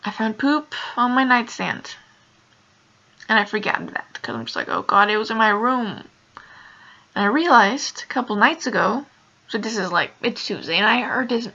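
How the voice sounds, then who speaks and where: Young woman vlogger, upset and near tears, rambling, fry-heavy bright voice, muffled lo-fi audio. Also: fairly high pitch. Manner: emotional, rambling, many "like" fillers. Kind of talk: casual storytelling vlog.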